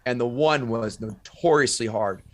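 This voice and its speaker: A man's voice: mid-range voice, unhurried, no echo. A man who is a stand-up comic, telling stories animatedly in a casual podcast chat, swearing and acting out quotes.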